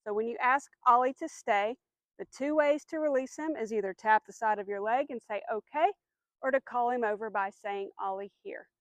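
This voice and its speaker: High-voiced woman teaching dog commands. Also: normal speed, dry recording. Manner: clear, patient explaining, firm short commands to the dog. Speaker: dog trainer. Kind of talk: instructional demonstration.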